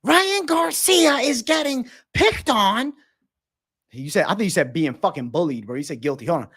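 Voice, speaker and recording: A man putting on an impression of a male fitness commentator, speaking high and drawn out as he makes accusations. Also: lively intonation, normal speed, fairly bright tone, husky, full character voice. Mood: accusing. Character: shrill, slow-talking male fitness commentator.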